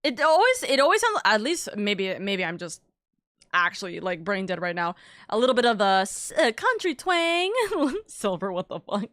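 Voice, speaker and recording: A woman's voice: medium pitch, very animated, moderate pace, fairly bright tone, no room sound. A woman hosting a stream, chatting casually and rambling with giggles while she plays. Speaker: streamer host. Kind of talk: casual chat while playing.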